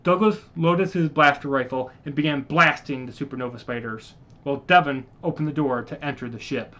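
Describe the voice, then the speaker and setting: A man reading his own science-fiction story aloud in a halting way, stopping to apologize and correct his slips. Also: medium pitch, sharp tone. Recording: muffled lo-fi recording.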